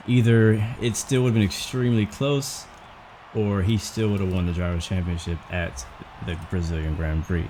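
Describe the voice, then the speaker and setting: A low-voiced man gives casual, rambling commentary over a racing game, thinking out loud as he goes. He sounds out of breath and keeps a chatty, unhurried flow. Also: fairly even intonation, a little hiss or hum. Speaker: gaming channel host.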